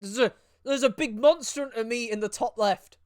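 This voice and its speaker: A woman streamer chatting casually and voicing the lead lawyer, giggly and excitable. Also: fairly high pitch, moderate pace. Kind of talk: casual live-stream chat and voice acting.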